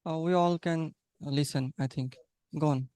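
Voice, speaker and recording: A man's voice: on the high side, fairly even intonation, unhurried, darkish tone, smooth, no echo. A man hosting an online conversation-practice webinar, who encourages participants and invites them by name to speak. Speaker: webinar host.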